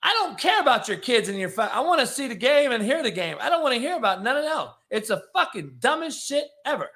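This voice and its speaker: A man hosting a sports podcast, ranting in a profane, animated, casual way. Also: very high voice, fast talker. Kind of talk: casual chat.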